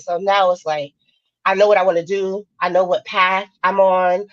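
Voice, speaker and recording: A woman's voice: mid-range voice, fairly even intonation, normal speed, dry recording, muffled recording. A woman guest on a talk show, speaking passionately and informally, with many fillers like "like". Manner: passionate, informal, says "like" often. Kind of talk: casual interview talk.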